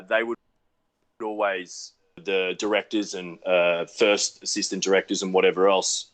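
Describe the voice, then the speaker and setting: This is a relaxed Australian man chatting as a guest from his home over a video call. His voice sits fairly low, and he tells his stories with a self-deprecating, unhurried ease. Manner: laid-back, self-deprecating storyteller. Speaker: actor guest. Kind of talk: casual chat.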